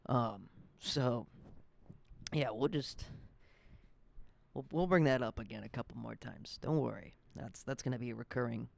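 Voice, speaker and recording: A man's voice: mid-range voice, unhurried, gravelly, long pauses. A young man in his twenties hosting a podcast, telling a rambling, profane story in a casual, fired-up rant. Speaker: podcast host. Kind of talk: casual ranting monologue.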